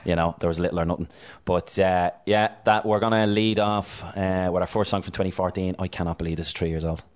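Fast-talking radio host. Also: male voice, low-pitched, fairly even intonation, darkish tone, smooth. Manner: chatty, jokey, fast-talking. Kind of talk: casual sports chat.

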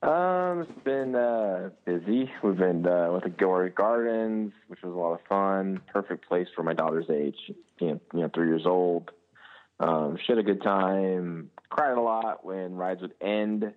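A man in his thirties hosting a podcast, telling a lively family anecdote. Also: deep voice, unhurried. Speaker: podcast host. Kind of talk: casual chat. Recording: tinny phone-line sound.

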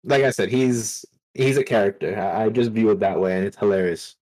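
A man co-hosting a podcast, giving his views in a relaxed way and stammering as he explains. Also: on the low side, a little fast, no room sound. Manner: easygoing, stammers when explaining. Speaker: podcast co-host. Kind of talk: casual podcast discussion.

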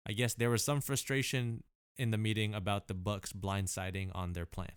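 A man co-hosting a podcast in casual, slangy chat, laid-back and quick to laugh. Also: lowish voice, flat delivery, clean tone, dry recording, studio quality. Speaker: podcast co-host.

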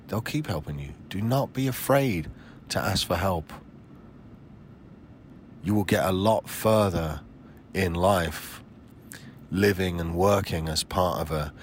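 Man, forties, very low voice, blunt, emphatic, swears freely, solo podcast host. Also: slight background noise. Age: 40s.

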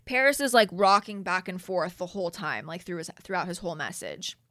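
A young woman hosting a casual reality TV recap, animated and slangy as she reads from her notes. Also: lowish voice, fairly quick, no room sound, clean studio sound.

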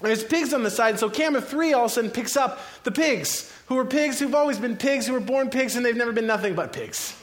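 A male preacher retelling a scripture story vividly, like a film scene, with dramatic pauses. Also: extremely high pitch.

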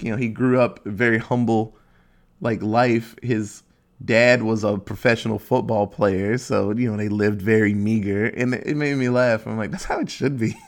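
A young man hosting a casual solo podcast, rambling and swearing, joking at his own expense and dropping into quick silly voices. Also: medium pitch. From Ohio, USA. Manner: rambling, profane, self-mocking, acts out quick silly voices. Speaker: podcast host.

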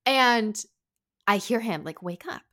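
A woman hosting a podcast, telling a story in casual chat, animated, swearing and saying "like" a lot. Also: medium pitch, takes it slowly. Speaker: podcast host.

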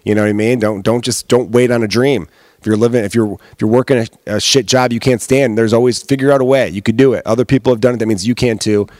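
A comedian hosting his own podcast rants casually and heatedly, swearing plenty in this solo episode. He speaks quickly in a mid-range, darkish voice with fairly even intonation, and the recording is dry with clean studio sound.

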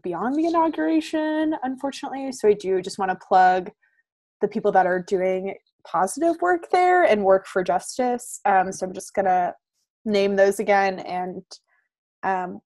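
Woman podcast host; casual, chatty delivery with frequent fillers. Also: mid-range voice. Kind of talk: casual chat.

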